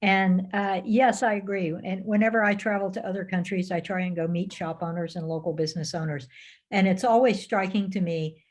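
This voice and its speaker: A woman's voice: mid-range voice, fairly even intonation, fairly quick. A woman hosting a roundtable call, speaking casually and encouragingly, laughing easily. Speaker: host of the roundtable calls.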